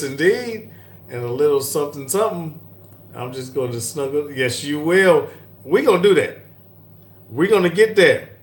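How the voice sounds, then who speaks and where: A middle-aged man hosts a live-stream Q&A from an airport, reading viewer comments in a relaxed, chatty way and laughing often. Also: a little high. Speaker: cooking channel host. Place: airport lounge. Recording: echoey airport with faint hum.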